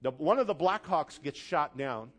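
A man preaching a sermon, telling a story dramatically and building from quiet, hushed lines to loud, forceful appeals. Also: on the high side, lively intonation, normal speed.

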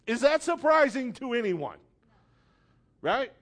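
A man preaching a sermon, telling a story dramatically and building from quiet, hushed lines to loud, forceful appeals. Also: extremely high pitch, very animated, slow.

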